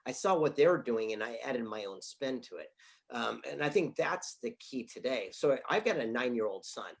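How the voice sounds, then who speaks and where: A man, an author and speaker, answering interview questions with animated stories and acted-out dialogue from his office. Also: mid-range voice, moderate pace, gravelly. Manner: animated storyteller, acts out quoted dialogue.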